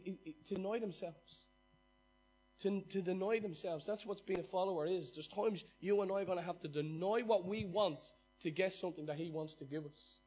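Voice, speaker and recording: A man preaching a sermon as pastor, impassioned, swinging from loud exhortation to hushed asides and stumbling over repeated words when fired up. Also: on the high side, husky.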